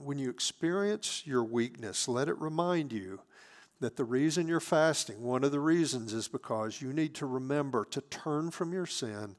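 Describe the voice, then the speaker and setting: A man preaching a sermon as pastor, earnest, moving between emphatic lines and hushed, near-whispered asides. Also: mid-range voice, lively intonation, moderate pace.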